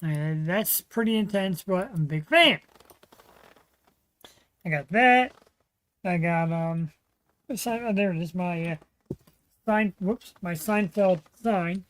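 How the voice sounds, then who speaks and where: A man's voice: high-pitched, slow, long pauses, fairly bright tone, low-quality recording. A man hosting his own livestream show, chatting casually and rambling with lots of fillers. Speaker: host. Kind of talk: casual solo livestream chat.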